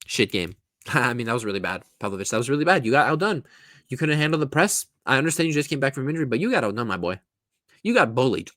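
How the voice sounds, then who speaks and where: A man's voice: medium pitch, very animated, fast, a bit bright, no room sound, studio quality. Profane man ranting about football. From California. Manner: profane, mocking, blunt. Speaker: football reaction vlogger. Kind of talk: casual ranting reaction.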